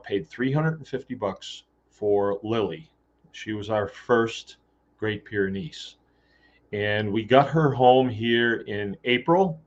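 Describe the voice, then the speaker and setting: A man hosting a podcast, telling a story in a loose, rambling way with fillers and restarts. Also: mid-range voice. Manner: rambling, with many fillers and restarts, acting out quoted dialogue. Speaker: podcast host. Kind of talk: casual storytelling monologue. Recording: dull lo-fi sound.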